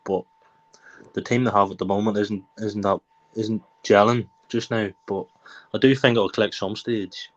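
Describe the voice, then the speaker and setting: A man on a fan panel, talking through his football predictions in a measured way. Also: fairly low pitch, steady tone. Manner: measured, reasoning things through with fillers. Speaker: panel guest. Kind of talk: casual chat. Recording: dull lo-fi call audio.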